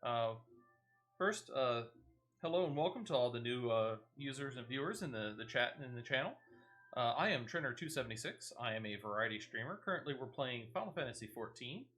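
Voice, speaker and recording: A man's voice: mid-range voice, expressive, a little fast, fairly bright tone, faint music behind. A man streaming a video game, chatting casually with his viewers and stopping often on "uh". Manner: chatty, many "uh" fillers. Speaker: variety streamer. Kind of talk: casual gameplay commentary.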